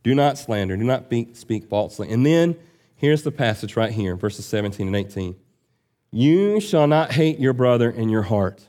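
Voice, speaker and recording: A man's voice: mid-range voice, animated, moderate pace, dark tone. A man preaching a sermon, reading scripture aloud and explaining it in an earnest, emphatic way. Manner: earnest, emphatic teaching with rising and falling delivery.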